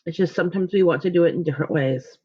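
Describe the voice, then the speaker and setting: A woman's voice: on the low side, racing, slightly rough. A woman reading a storybook aloud, voicing a playful, joking father in an upbeat way, on a dull lo-fi recording. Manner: jokey, upbeat.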